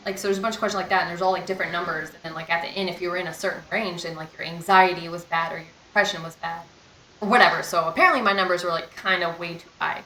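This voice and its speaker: A woman's voice: on the low side, fairly even intonation, very fast, bright, forceful tone, roomy sound, a little hiss or hum, rough recording. A young woman telling a personal story in casual vlog chat, rambling with many fillers and quoting herself. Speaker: vlogger.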